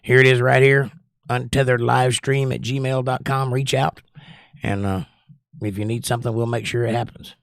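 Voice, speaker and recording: This livestream host speaks at normal speed in a mid-range voice, with a flat delivery and vocal fry. The studio-quality audio has no echo. Chatty and rambling, he reads viewer comments aloud as he goes.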